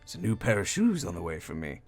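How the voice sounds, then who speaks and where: A man voicing a smooth-talking, sly male gambler and trader who flatters and soothes. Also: low-pitched, fast, faint music behind, voice pushed down, exaggerated voice. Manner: flattering, unctuous, smooth persuasion.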